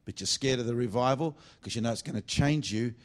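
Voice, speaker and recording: At a church meeting, a male revival preacher delivers a sermon at a fairly quick clip in an ordinary middle pitch. He swings from loud, fervent bursts to low, confiding asides.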